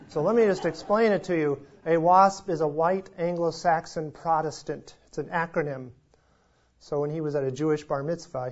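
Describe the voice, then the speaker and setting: A male pastor talks through his sermon in an easy, storytelling way. His voice sits a little high for a man. The recording is slightly muffled and lo-fi. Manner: relaxed storytelling, conversational. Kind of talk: sermon opening with a joke. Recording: muffled lo-fi sound.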